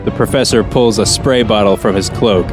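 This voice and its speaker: A man's voice: on the low side, normal speed. Man reading a comedy script over music. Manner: earnest, defensive, laughs often. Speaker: podcast co-host and script writer. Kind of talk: narrating a script and casual chat.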